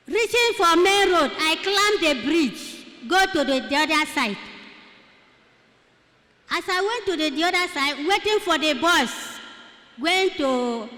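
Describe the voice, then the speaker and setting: A woman's voice: extremely high pitch, bright, forceful tone. A Nigerian woman giving a testimony in church, telling her story with Pidgin phrases mixed in. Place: church hall. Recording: echoey church hall.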